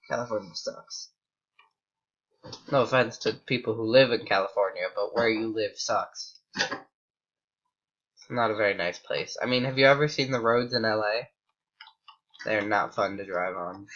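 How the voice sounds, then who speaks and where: An American man, a gaming YouTuber, rambles casually while playing a game, drifting off on chatty tangents. His lowish, slightly bright voice moves at normal speed with frequent pauses, and the recording is muffled.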